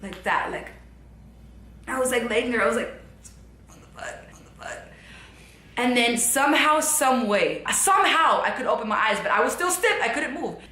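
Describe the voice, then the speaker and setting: A young woman with a bright, sharp voice recounts a personal story in a loose, rambling way, packed with fillers. She drops to a hush and then springs back up, and her voice rings in an echoey room. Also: on the high side, normal speed, a little hiss or hum. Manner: rambling, filler-heavy, shifts from hushed to animated. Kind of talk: casual storytelling to camera. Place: her apartment.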